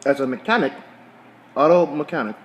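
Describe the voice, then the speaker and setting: A man's voice: a little high, animated, fairly quick, poor audio. A middle-aged man talking casually in a vlog while eating, often repeating words and restarting phrases as he tells a story. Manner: talks while chewing food. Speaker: vlogger.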